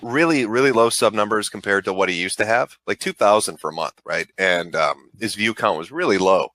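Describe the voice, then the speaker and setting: A man's voice: fairly low pitch, brisk, sharp tone. A man casually chatting on a call, giving frank, profanity-laden advice in a rambling way. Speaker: online show host.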